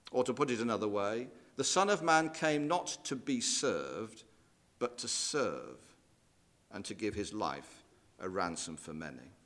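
A man with a lowish, slightly slow voice preaches a sermon, guiding listeners through scripture passages and posing rhetorical questions. His delivery is expressive, with emphasis that rises and falls, and he quotes scripture in old-fashioned language.

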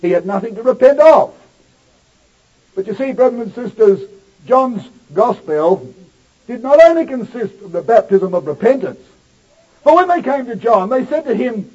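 Male preacher, high husky voice, dramatic sermon delivery, dull lo-fi sound. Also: sing-song, normal speed, long pauses, a little mellow. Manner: dramatic, emphatic delivery with sudden swells and drops. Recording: dull lo-fi recording.

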